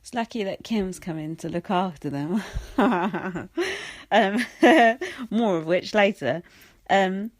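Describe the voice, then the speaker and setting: A woman's voice: mid-range voice, slow pace. A young adult woman hosting her own podcast, talking alone in a sarcastic, foul-mouthed way with frequent laughs. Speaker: podcast host. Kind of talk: casual solo commentary.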